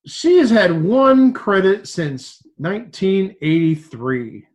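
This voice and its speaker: A man's voice: high voice, sing-song, slow. A man co-hosting a casual podcast chat, making wry joking asides. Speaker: podcast co-host. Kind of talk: casual chat about old TV.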